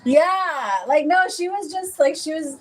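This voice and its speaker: A woman's voice: high-pitched, measured pace, slight background noise, low-quality recording. A woman giving a casual, rambling tarot reading, chatting freely and calling the listener "my love". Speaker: tarot reader.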